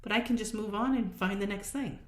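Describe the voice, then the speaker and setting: A woman's voice: medium pitch, a little fast, reverberant, a little hiss or hum. A woman hosting a solo podcast, talking in a casual, encouraging way and acting out little inner voices as she goes. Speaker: podcast host. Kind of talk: motivational solo podcast talk.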